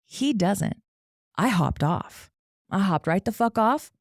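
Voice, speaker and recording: A woman's voice: medium pitch, lively intonation, slow pace, gravelly, no echo, clean studio sound. A young adult woman casually telling a candid, profane story, laughing as she goes. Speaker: podcast guest.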